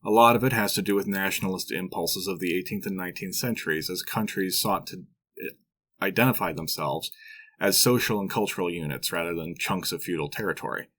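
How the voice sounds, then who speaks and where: A man with a low, deep voice reads a scripted history narration as a podcast host. He keeps it measured and explanatory, dropping in dry, wry asides along the way. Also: a bit bright.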